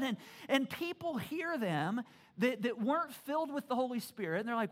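This is a pastor delivering a sermon in a loose, conversational way. The speech is animated and playful, full of repeated words and restarts. It jumps from loud, excited bursts to quiet, earnest passages. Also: high voice, a little fast. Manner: animated and joking, swings from loud to hushed.

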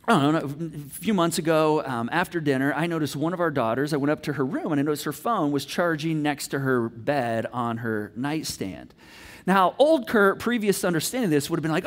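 A middle-aged male pastor delivers a sermon in a notably high voice. He tells stories in an animated way, acting out voices of himself and his family, and swings between loud and soft. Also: brisk.

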